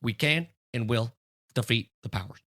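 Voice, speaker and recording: A man doing an impression of a male president, with a slow, deliberate speech cadence full of pauses. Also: medium pitch, sharp tone, pitched below the performer's own voice. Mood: solemn. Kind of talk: comic impression.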